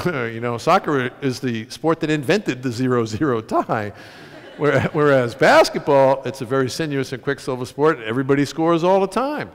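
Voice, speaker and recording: A man's voice: medium pitch, expressive, moderate pace. A man, an author, telling a self-mocking story to a live audience in a concert hall, laughing often. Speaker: author, guest speaker. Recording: long concert hall reverb.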